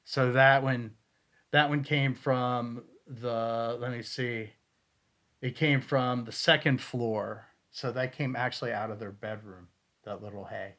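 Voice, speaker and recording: A man of ordinary pitch chatting loosely on a podcast. He rambles, restarts his sentences and breaks into excited bursts while going over ghost-hunt clips. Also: takes it slowly. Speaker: podcast co-host reviewing ghost-hunt audio. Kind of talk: casual chat.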